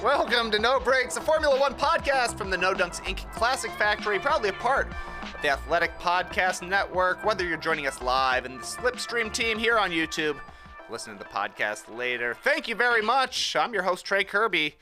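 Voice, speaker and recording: A man's voice: high voice, sing-song, moderate pace, music in the background. A man hosting a casual motorsport podcast in a playful, jokey way. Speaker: podcast host.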